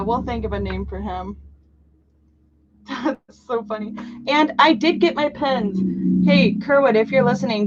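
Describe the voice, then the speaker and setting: A woman's voice: high voice, muffled recording, slight background noise. A young woman in her twenties hosting a live crafting show, talking casually and jumping from topic to topic with self-mocking asides and sudden squeals. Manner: chatty, scattered and self-mocking, with bursts of squeals. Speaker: crafting livestream host. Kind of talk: casual live-stream chat.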